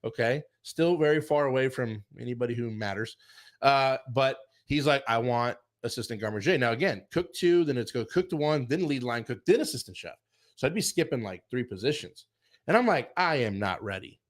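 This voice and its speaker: A middle-aged man telling a casual career story, animated, acting out quotes and saying "like" a lot. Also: mid-range voice, moderate pace. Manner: animated, acts out quotes, many fillers like "like". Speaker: chef and show guest telling his career story.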